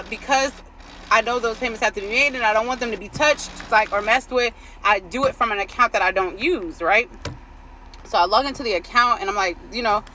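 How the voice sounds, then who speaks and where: A woman's voice: fairly high pitch, bright, forceful tone, slight background noise, poor audio. A woman who coaches on faith, telling a personal story in a chatty way, full of "like" and "right?" and affirmations about trusting God. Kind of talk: casual faith talk. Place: outdoors. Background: passing vehicles.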